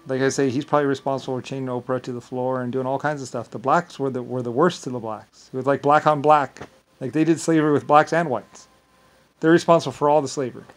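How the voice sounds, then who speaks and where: A man's voice: medium pitch, steady tone, quick pace, poor audio. A man talking in a casual, rambling monologue, often stumbling and repeating words as he restarts his sentences.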